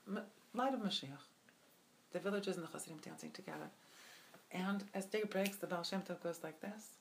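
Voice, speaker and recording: A woman telling a Hasidic tale at a gathering, animated and chatty, with many asides and fillers. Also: medium pitch, a little fast, slight background noise. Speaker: storyteller. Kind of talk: spoken Hasidic storytelling. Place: event gathering.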